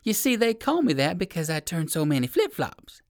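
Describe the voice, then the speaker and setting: A reader doing a small, friendly circus poodle, pitched well up with lots of bounce and lift. He sounds eager and excited in a dry, close storybook recording. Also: normal speed, no echo. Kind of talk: storybook reading.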